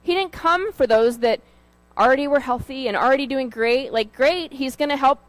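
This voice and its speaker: A woman's voice: high-pitched, normal speed, no room sound, low-quality recording. A woman giving an informal sermon, talking in a conversational, storytelling way with fillers and asides. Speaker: lay preacher.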